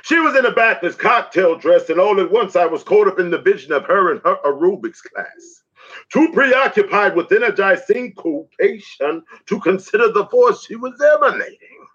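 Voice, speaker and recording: A man's voice: high-pitched, animated, normal speed, a bit bright, husky. A man performing spoken word poetry in a rhythmic, dramatic recitation. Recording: dull lo-fi audio.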